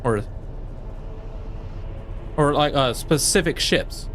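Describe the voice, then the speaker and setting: A let's play streamer comments casually on a game and reads its text aloud, rambling with many fillers and restarts. He attempts silly fake accents, jokes about how badly they turn out, and laughs at himself. His voice is on the high side and slightly bright, he speaks slowly, and there's a bit of hiss or hum.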